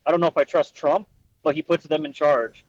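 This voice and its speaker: A young man with a fairly high voice talks politics on a casual podcast. He hedges and restarts his sentences a lot, earnest in tone. The recording is close and dry, with no room sound. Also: fairly even intonation, fairly quick, darkish tone, dry recording, highs cut off. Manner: earnest, hedging with many restarts. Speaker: podcast co-host.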